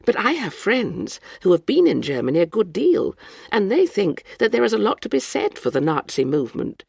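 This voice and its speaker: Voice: mid-range voice, huge pitch swings, moderate pace, creaky, darkish tone, husky, no echo, studio quality, voice pushed up, exaggerated voice. A reader voicing a proper, earnest middle-aged Englishwoman who talks earnestly and with disbelief. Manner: earnest, incredulous.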